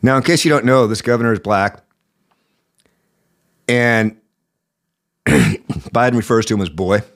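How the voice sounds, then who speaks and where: A man's voice: on the low side, measured pace. A man hosting a political podcast, giving indignant commentary with a sore throat. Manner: indignant, rising emphasis. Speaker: podcast host.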